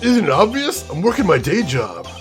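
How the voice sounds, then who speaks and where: A man's voice: high-pitched, huge pitch swings, normal speed, soft background music, voice pushed up, full character voice. A man voicing a laid-back, dopey young guy who is lovesick. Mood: goofy.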